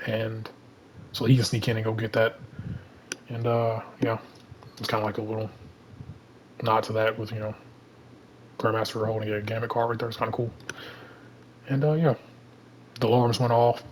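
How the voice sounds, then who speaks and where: A man's voice: lowish voice, a little hiss or hum, low-quality recording. A man from Alabama with a Southern American accent who reads a comic aloud and then talks it through, rambling with many fillers. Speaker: comic reader and commentator. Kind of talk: casual comic read-through and breakdown.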